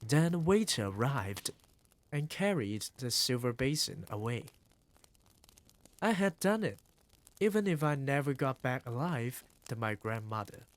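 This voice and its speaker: Slow, deliberate male storyteller. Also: medium pitch. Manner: slow, deliberate narration with acted-out quotes. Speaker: streamer reading a novel aloud. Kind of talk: live-stream storybook reading.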